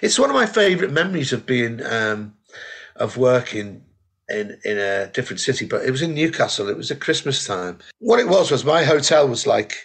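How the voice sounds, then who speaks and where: A man's voice: mid-range voice, very animated, a little fast, fairly bright tone, slightly rough. A middle-aged British man, a comedian co-hosting a podcast, chatting casually and telling anecdotes between laughs. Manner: storytelling, laughing often, restarts. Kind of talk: casual chat.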